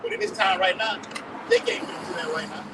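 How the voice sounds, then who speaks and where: Animated high-voiced street preacher. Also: male voice, a little fast. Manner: profane, quotes scripture chapters. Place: outdoors on a street. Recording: distant mic, faint street noise.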